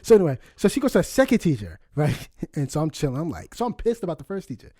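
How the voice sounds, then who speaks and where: A young man tells a story on a casual podcast, his voice pitched high and his delivery animated and profane. He laughs as he goes. The sound is close and dry. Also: quick pace, breathy edge, no echo. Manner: animated, profane, laughs while telling stories. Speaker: podcast co-host.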